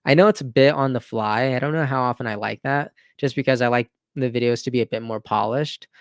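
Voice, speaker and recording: A man's voice: medium pitch, brisk, clear, resonant tone, no echo, clean studio sound. Earnest, enthusiastic man live-streaming. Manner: earnest and enthusiastic, with frequent restarts and "right?" tags. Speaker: livestream host. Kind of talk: casual live-stream chat.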